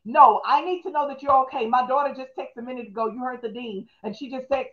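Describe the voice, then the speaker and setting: Fast-talking preaching woman, lo-fi audio. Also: sits high. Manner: fast, call-and-response, preacherly. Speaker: pastor. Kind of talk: live-streamed motivational teaching.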